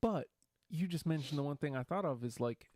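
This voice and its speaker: A man's voice: on the high side, lively intonation, brisk, darkish tone, no echo, clean studio sound. Easygoing, rambling man on a podcast. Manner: easygoing, rambling, many fillers. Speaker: podcast co-host. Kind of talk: casual wrestling chat.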